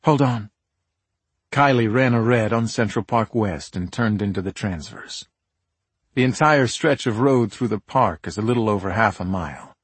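Husky male audiobook narrator. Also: fairly low pitch, normal speed, no room sound. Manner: steady, tense storytelling. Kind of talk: first-person audiobook narration.

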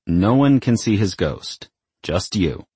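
Blunt young guy, offhand and profane, husky low voice , as a narrator voices him. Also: animated, slow, warm tone, dry recording, exaggerated voice. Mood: skeptical. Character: blunt, sardonic young man.

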